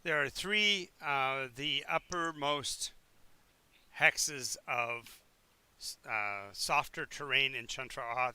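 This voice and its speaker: Bright, clear-voiced man running a tabletop game. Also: medium pitch. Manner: halting, with many restarts and fillers while checking the map. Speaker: game master. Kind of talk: narrating a tabletop game over a live stream.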